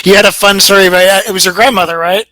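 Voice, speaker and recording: A podcast host asking interview questions in a measured way, with some hesitations. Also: mid-range voice, steady tone, sharp tone, rough recording.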